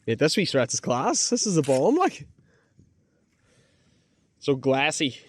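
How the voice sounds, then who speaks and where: Excitable Northern Irish young man. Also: on the high side, moderate pace, breathy edge. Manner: excitable, chatty, greets animals. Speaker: kayaking vlogger. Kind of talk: casual chat. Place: outdoors on a river in a kayak.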